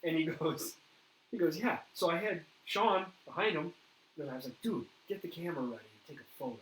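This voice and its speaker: A man hosting a paranormal interview, telling a ghost story in a lively way and acting out what others said. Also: fairly high pitch, fairly quick. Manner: animated storyteller, acts out quoted dialogue. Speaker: paranormal investigator host. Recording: echoey room with faint noise.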